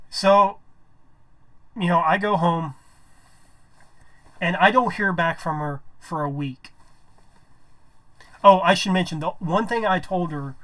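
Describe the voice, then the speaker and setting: A man's voice: on the high side, a bit bright. A man telling a personal story to camera, rambling, restarting his sentences and swearing when aggrieved. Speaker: vlogger.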